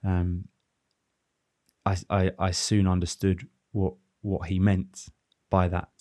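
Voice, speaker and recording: Low flat-voiced man, thoughtful podcast guest. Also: takes it slowly, no echo, studio quality. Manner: reflective, rambling with restarts and fillers. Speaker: former professional footballer, guest. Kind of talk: casual podcast conversation.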